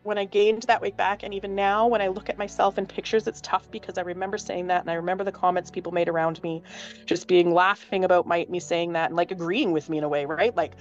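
A woman's voice: fairly low pitch, steady tone, fast talker, lo-fi sound. A woman, likely in her thirties, talking candidly in a casual chat, swearing freely and laughing often. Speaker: podcast guest.

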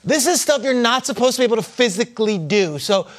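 A man co-hosting a football show, earnestly pointing out details while walking viewers through highlight replays. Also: lively intonation, fast. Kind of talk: sports highlight analysis.

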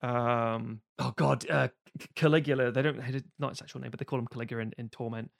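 A man co-hosting a casual film discussion, animated, swearing freely and laughing often. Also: mid-range voice, quick pace, vocal fry, dry recording, clean studio sound.

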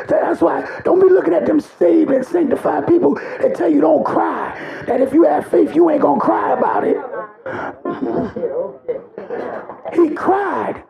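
Very high, gravelly impassioned male preacher. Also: lively intonation, measured pace, phone-quality sound. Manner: impassioned preaching, voice breaking into cries and shouts. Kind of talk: sermon.

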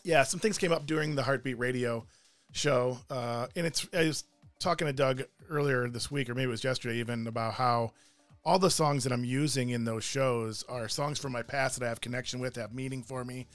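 A man's voice: mid-range voice, steady tone, fairly quick, fairly bright tone, no room sound, faint music behind. A man co-hosting a faith and family talk show, speaking casually in a rambling, emotional way, often breaking off mid-sentence. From Irish heritage. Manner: emotional, rambling, self-interrupting. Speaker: podcast co-host. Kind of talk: casual chat. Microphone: studio mic with cough button.

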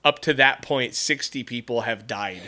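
A man's voice: medium pitch, moderate pace, bright, forceful tone. A man hosting a podcast, telling a story in casual, profane chat and laughing often. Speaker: podcast host.

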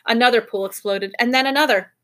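A woman teacher reading a children's novel aloud to her class in an expressive, lively way. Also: a little high, quick pace.

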